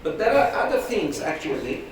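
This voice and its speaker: A man's voice: a little high, big pitch swings, moderate pace. A man teaching a religious class in a conversational way, acting out voices while telling stories. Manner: conversational, acts out quoted voices in a story. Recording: echoey room from far off, noisy.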